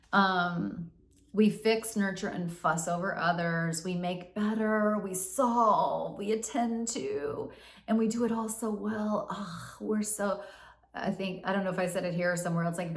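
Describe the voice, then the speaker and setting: A woman hosting a casual self-help talk, candid and swearing freely, acting out the inner voices she describes. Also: on the low side. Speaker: podcast host. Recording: roomy echo.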